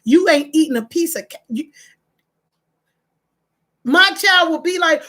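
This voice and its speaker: A high-pitched woman talks straight to her viewers in a casual commentary show. She argues with passion and emphasis, and her pitch climbs whenever she gets worked up. Her voice sits well above that of most women. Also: lively intonation, normal speed, pauses often, fairly bright tone. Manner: passionate, emphatic, rising in pitch when outraged. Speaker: online talk show host.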